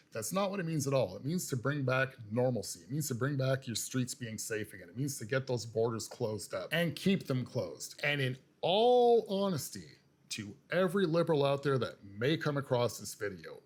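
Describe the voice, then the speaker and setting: A man's voice: mid-range voice, slightly rough. Emphatic lecturing male commentator. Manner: lecturing, emphatic, repetitive, addresses viewers as "you guys". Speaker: political commentator. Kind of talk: monologue rant to camera.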